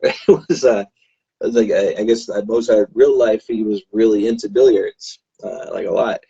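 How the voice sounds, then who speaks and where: A man's voice: fairly low pitch, steady tone, moderate pace, creaky, mellow, husky. A man chatting casually as a podcast guest, rambling with lots of fillers. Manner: rambling, many fillers and restarts. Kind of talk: casual chat. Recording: dull lo-fi recording.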